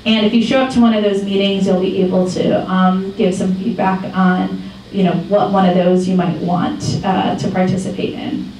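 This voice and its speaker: A woman in her twenties from Michigan, giving a casual talk to a group as founder of a campaign, telling stories in a chatty, animated way with many ums and small laughs. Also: mid-range voice, normal speed. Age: 20s. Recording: echoey far-off room mic with faint noise.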